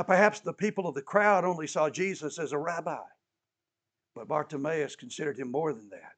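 A man's voice: fairly high pitch, a bit bright. A man preaching a sermon as an emphatic storyteller who repeats key phrases and adds touches of humor.

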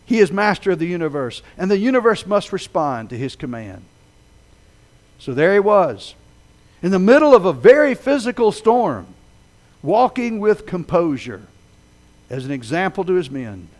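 Animated, dramatic male preacher. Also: moderate pace. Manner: dramatic storytelling delivery, swelling loud then dropping low. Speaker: pastor. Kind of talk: sermon.

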